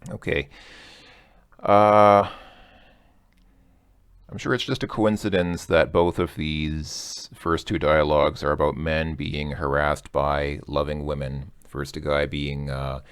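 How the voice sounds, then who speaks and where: A man's voice: a bass voice, level tone, unhurried, smooth, dry recording, clean studio sound. A man casually explaining a language lesson, chatty and joking, thinking aloud as he goes. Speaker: language teacher.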